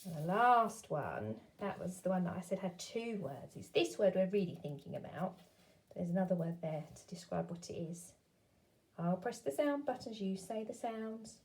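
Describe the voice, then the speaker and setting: A woman teaching a phonics lesson to young children, sounding out words slowly and clearly and encouraging them to join in. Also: lowish voice, very animated, a little mellow.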